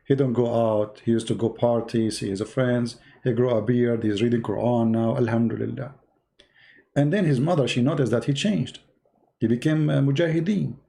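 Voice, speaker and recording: A man's voice: medium pitch, steady tone, moderate pace, gravelly, dark tone. A man hosting a live stream, talking casually in a mocking way in broken English and telling a joke.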